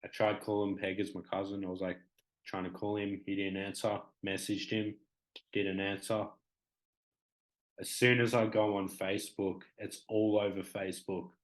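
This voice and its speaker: Young aussie guy, lowish voice, rambling story full of "like" and "you know", chatty talk show guest. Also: flat delivery, normal speed. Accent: Australian. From Australia. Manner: emotional, acts out quoted exchanges. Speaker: guest, hip hop artist. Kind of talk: casual storytelling in an interview.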